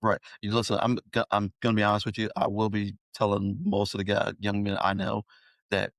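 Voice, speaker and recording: A middle-aged male podcast host in casual chat, effusive and halting with many restarts. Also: fairly low pitch, completely flat delivery, dry recording. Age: middle-aged or older.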